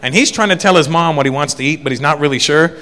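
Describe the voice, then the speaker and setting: High-voiced stand-up comic man in a hall. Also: quick pace. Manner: excited storytelling with acted-out quotes. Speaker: stand-up comedian. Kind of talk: stand-up comedy set. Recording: live hall with reverb and faint noise.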